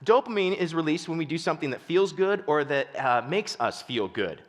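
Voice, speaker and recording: Animated, goofy man speaking in a hall. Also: on the high side, fairly quick. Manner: animated, goofy storyteller who acts out voices. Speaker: keynote speaker. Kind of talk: storytelling keynote speech.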